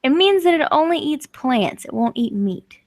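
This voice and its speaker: Woman doing an old guy with a cane, calm and kinda dismissive, no no it's fine vibe, dry sound. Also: high voice, moderate pace, no room sound, pitched above the performer's own voice. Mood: patient. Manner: calm reassuring, brushing off help. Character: old male park owner with a cane, soothing and dismissive.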